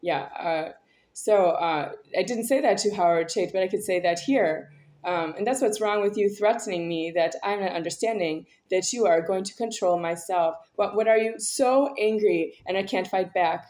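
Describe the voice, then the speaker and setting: A woman talking in a rambling personal monologue. She speaks haltingly, with many fillers and restarts, and sounds intense and aggrieved. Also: medium pitch, a little mellow. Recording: echoey room.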